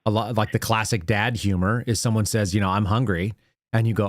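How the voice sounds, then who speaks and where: A man's voice: on the low side, steady tone, fairly quick, dry recording, clean studio sound. A man hosting a call-in show, giving earnest advice in casual chat and walking through examples step by step.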